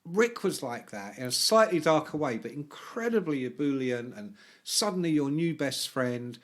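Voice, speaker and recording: A man's voice: a little high, animated, moderate pace, few pauses. A man co-hosting a podcast in casual chat, telling anecdotes, swearing freely and acting out the voices of people in his stories. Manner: storytelling, swears freely, acts out quoted voices. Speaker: podcast co-host.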